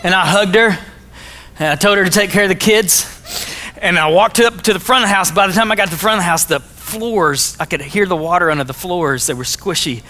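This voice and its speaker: A man from Arkansas, giving a jokey, animated storytelling talk to a school audience. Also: high-pitched, a little fast. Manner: animated, jokey, acts out his own quotes. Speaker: motivational speaker.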